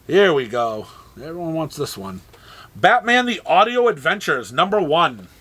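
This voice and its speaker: A man casually running through a comic shop's weekly new releases, listing titles with dry, sarcastic asides and halting restarts. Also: a little high, very animated, pushed and bright, slightly rough.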